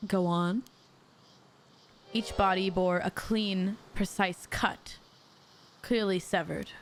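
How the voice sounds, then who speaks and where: A woman streaming a mystery game, reading the dialogue aloud and breaking off into excitable, jokey asides to her chat. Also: medium pitch, a little slow, a little hiss or hum. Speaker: VTuber streamer.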